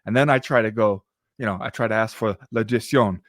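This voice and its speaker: Animated American man telling travel stories. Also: lowish voice, a little fast, dry recording, clean studio sound. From United States. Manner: animated storyteller, swears casually. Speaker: podcast co-host. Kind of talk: casual chat.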